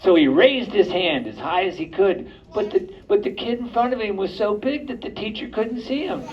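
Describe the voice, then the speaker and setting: Animated male storyteller for little kids. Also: high voice, normal speed, highs cut off. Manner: animated, invites children to join in. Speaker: puppeteer storyteller. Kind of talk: storytelling to preschoolers. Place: library program room.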